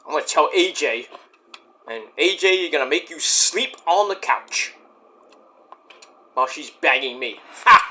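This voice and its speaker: Guy doing a wrestling recap vlog, high bright voice, all over the place, crude jokes. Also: expressive, a little hiss or hum. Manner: rambling, crude jokes, quick impressions. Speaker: wrestling show reviewer.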